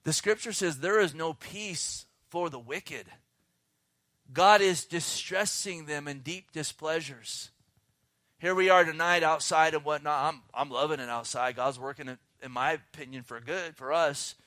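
A man preaching a fervent sermon outdoors, slowing down to read scripture and swinging between loud and hushed. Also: a little high, no room sound, clean studio sound. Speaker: pastor.

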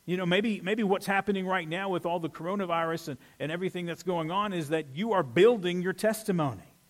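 A man preaching to his congregation in a relaxed, conversational way. His voice sits a little higher than most men's, and he jumps into lively, playful asides. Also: a little fast. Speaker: pastor. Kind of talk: sermon.

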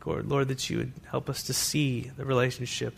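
A man preaching a sermon as pastor to a congregation in a church, animated, with asides to the listeners. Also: mid-range voice, moderate pace, gravelly, slight background noise.

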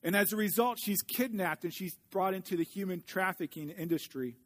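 Guy preaching a sermon, fairly high voice, earnest, slows way down on the bible verses. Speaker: pastor.

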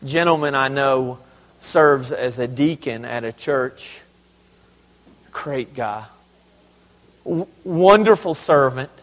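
A man's voice: medium pitch, slow pace, pauses often, long reverb tail, rough recording. A man preaching a sermon as pastor, emphatic and conversational, with humorous asides to his congregation. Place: church sanctuary.

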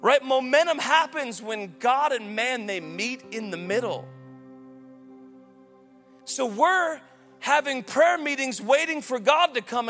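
A man pastor preaching a lively sermon, building to loud emphatic peaks. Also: very high voice, takes it slowly, soft background music.

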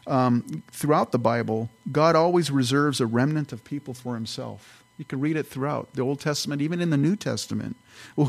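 A man, a pastor, teaching through a Bible passage verse by verse in a conversational, explanatory way. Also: medium pitch.

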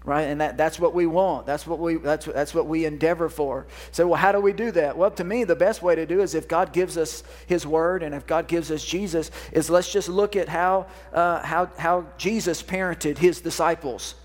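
Male pastor, higher-pitched, folksy call-and-response preaching; long church reverb. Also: steady tone, moderate pace, few pauses. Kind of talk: sermon. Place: church sanctuary.

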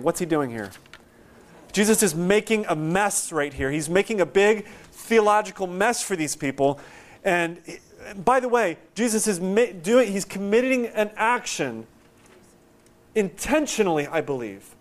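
A man preaching a sermon, explaining scripture in a conversational, animated way and acting out quotes. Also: high-pitched, normal speed. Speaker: pastor.

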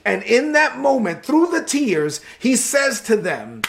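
A man preaching to his congregation, his voice pitched high and carrying a gravelly edge. He tells the story with animated energy and pushes higher and louder at its emotional peaks. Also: normal speed, few pauses. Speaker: pastor. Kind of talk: sermon.

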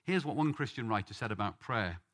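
A British man delivers an earnest, sermon-style Bible teaching while leading a study group, his voice rising on questions and names. It's on the low side, animated, a little fast and a bit bright.

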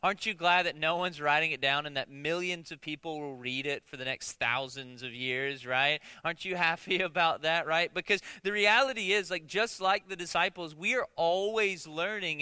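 A man's voice: a little high, fairly even intonation, moderate pace, few pauses, bright, forceful tone, clean tone, no echo. A man preaching a conversational sermon as pastor, joking with the congregation, stumbling into restarts and often asking "right?". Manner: conversational, jokey, many restarts and rhetorical "right?".

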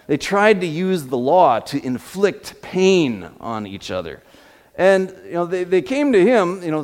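A man's voice: on the high side, a little mellow. A man preaching a sermon, telling stories with many fillers and restarts. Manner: storytelling with repeated fillers and restarts. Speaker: pastor. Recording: long hall reverb.

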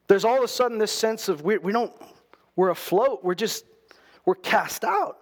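A man's voice: high-pitched, lively intonation, moderate pace. A man preaching a sermon in a conversational way. He often restarts his sentences and acts out the quotes he tells. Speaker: pastor.

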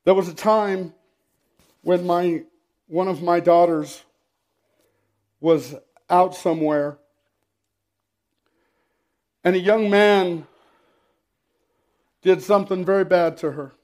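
A middle-aged pastor preaches to his congregation, telling a personal story in a plain, conversational way. His voice sits high for a man, and he breaks up his sentences by clearing his throat and dropping in dry, wry humor. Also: steady tone, slow pace, pauses often, darkish tone. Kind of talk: sermon.

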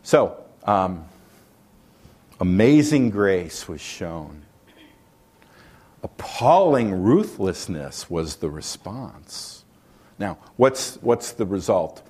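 A man's voice: sing-song, extremely slow, pauses often. Preaching man with a dramatic swing. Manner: preaching with wide swings in pitch and loudness, reading scripture aloud. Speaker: pastor. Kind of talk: sermon.

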